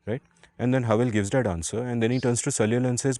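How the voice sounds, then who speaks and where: A man co-hosting a podcast, telling stories in an animated, emphatic way and swearing now and then for emphasis. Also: mid-range voice, brisk, no room sound. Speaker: podcast co-host. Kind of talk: casual conversational storytelling.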